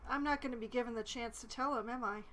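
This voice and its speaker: Streamer, female, high voice, dry sarcastic commentary over gameplay. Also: steady tone, fast talker, a crowd in the background. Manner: wry, exasperated asides, reads dialogue options aloud.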